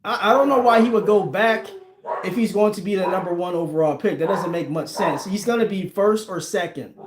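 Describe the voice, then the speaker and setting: Chatty forty-something man, high voice. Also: fairly quick, crowd noise. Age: 40s. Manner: chatty, laughs often, banters with chat. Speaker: livestream host. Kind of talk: casual livestream chat, reading viewer comments. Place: home room with a team flag behind. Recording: echoey room.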